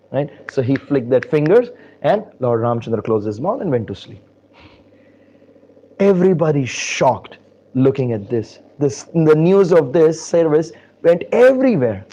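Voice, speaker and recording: Man telling a scripture story, dull audio. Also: mid-range voice. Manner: animated, acting out characters' voices. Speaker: preacher.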